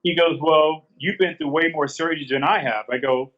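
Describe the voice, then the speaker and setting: A man's voice: fairly high pitch, normal speed, fairly bright tone, muffled recording. A man telling a personal story in a candid interview, earnest and repeating his phrases as he quotes past conversations. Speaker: guest.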